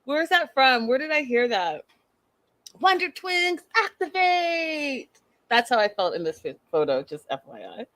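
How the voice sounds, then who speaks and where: A woman's voice: on the high side, a little fast, few pauses, no room sound. Sassy woman hosting a show recap. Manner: blunt, sassy and animated, mocks and acts out the cast members. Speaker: host recapping a reality show. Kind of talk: live-stream recap commentary.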